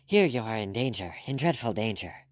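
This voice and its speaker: A man's voice: on the low side, very animated, moderate pace, dry recording. A man voicing a curt, commanding doctor who snaps out orders. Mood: urgent. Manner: snappish, peremptory.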